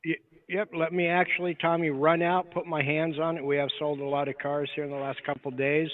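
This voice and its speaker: Man, dealership salesman, brisk, polite, somewhat high, tinny phone. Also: little pitch movement.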